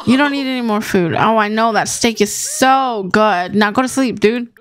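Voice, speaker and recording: A young woman runs a gaming channel, casually commentating as she plays and speaking directly to her game characters. Her voice is a little high and her pace is slow.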